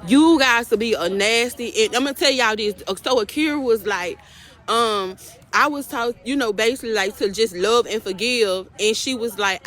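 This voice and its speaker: A woman's voice: a little high, normal speed, poor audio. Emphatic woman recapping, full of repeats. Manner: animated, emphatic, repeats phrases, addresses viewers as y'all. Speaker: trial recap vlogger. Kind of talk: casual emotional recap.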